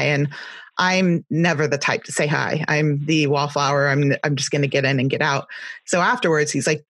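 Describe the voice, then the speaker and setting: A woman's voice: deep voice, fairly even intonation, a little slow, a bit bright, dry recording. A woman with a West Coast accent co-hosting a podcast, chatting casually and rambling with many hesitations. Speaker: podcast co-host. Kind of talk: casual interview chat.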